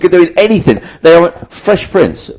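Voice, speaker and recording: A man's voice: high-pitched, big pitch swings, unhurried, a little mellow. A man, a podcast host in casual chat, giving emphatic, sweary advice and acting out bits of dialogue.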